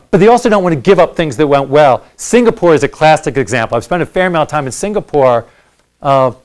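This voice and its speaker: A middle-aged man answering audience questions after a university lecture, explaining in a conversational way with frequent fillers and restarts. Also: fairly high pitch.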